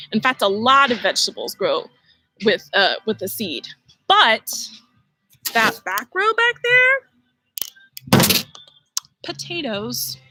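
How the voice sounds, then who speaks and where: A woman with a voice on the high side hosts a casual outdoor live-stream lesson beside her vegetable garden, teaching kids about gardening. She's animated and playful and speaks directly to her viewers. The recording quality is low.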